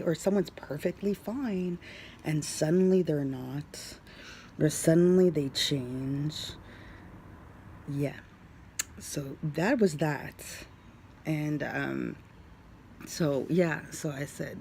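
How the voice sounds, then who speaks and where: Vlogger rambling through a dream story, slow and gravelly, lots of um and like, some whispering. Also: medium pitch, warm tone, a little hiss or hum. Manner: rambling, full of fillers, drops into whispers. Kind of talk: casual storytelling to camera.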